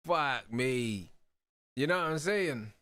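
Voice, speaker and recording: A young man hosting a live football watch-along, talking excitedly in heavy slang and laughing loudly. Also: mid-range voice, slow, smooth, dry recording. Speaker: host.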